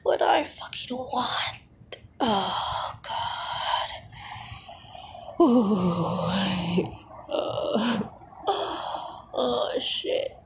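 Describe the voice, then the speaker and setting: A young adult woman in a whispered role-play, speaking in a breathy, excited, profane whisper close to the mic. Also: mid-range voice, extremely slow, pauses often, background noise.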